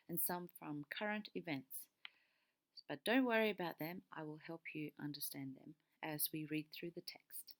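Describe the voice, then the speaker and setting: A woman teacher giving a recorded lesson, explaining patiently step by step and checking in with a frequent "okay". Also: fairly low pitch.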